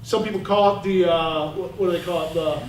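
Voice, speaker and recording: A man with a high-sitting voice, talking a little fast, leads a coaching clinic over game film. He's a football coach who speaks bluntly and with fire, clearly animated and fired up. Expect a roomy sound, a distant mic, and faint noise.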